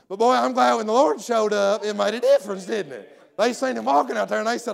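A man preaching a folksy, rambling sermon, calling out to members of the congregation by name and swinging between soft asides and shouted bursts. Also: very high-pitched, expressive, fairly quick, vocal fry.

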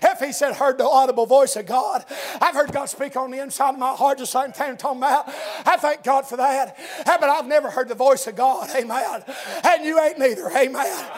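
Revival preacher, male, very high voice, shouts and drawls. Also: fairly quick. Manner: shouting, drawling, dialectal grammar, constant amens. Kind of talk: fiery revival sermon.

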